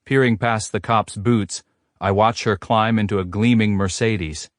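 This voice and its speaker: A man narrating a romance audiobook in a steady, first-person storytelling manner. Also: fairly low pitch, unhurried, dry recording, clean studio sound.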